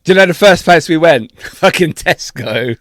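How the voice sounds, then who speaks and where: A man co-hosting a podcast, telling a travel story in a sweary, laughing, animated way. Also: a little high, no echo, studio quality. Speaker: podcast co-host. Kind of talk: casual storytelling chat.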